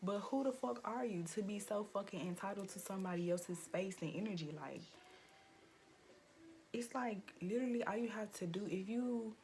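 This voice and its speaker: A young woman vlogger telling a profane, animated story-time rant with lots of "like" fillers, jumping into high, loud quoted lines. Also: normal speed, slight background noise. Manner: acts out quotes in sudden high, loud bursts.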